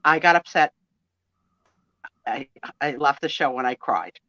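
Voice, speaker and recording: A woman in her sixties talks in a bright, forward voice, her pitch leaping up and down as she tells her stories. She acts out the other people in them. The sound is dry and a little dull, as from a home stream. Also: a little slow, no room sound. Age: 60s. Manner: animated storyteller, acts out quoted voices. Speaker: co-host of a live sale and chat stream. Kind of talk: casual chat.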